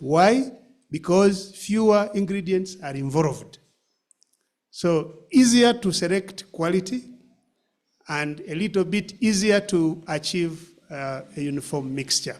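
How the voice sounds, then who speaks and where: Slow-talking male farm trainer. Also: sits high, a little mellow. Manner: hesitant, with many fillers and restarts; direct practical advice. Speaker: pig farming trainer. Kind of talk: training session answering questions.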